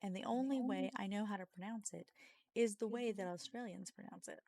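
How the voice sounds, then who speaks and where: A woman's voice: mid-range voice, fairly quick, gravelly, dark tone. A woman live-streaming a game from home, chatting casually, self-mocking and swearing freely.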